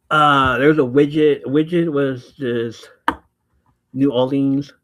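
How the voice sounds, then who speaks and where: A man hosting a podcast, casually recapping a book, excitable and laughing often, swearing freely. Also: mid-range voice, low-quality recording. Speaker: podcast host.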